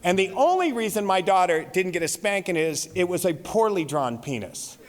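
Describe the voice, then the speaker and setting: Speaking at a moderate pace in a high, sing-song voice, a man in his forties entertains a recovery meeting with comic stories, laughing at his own lines. The reverberant recording comes from a large convention hall.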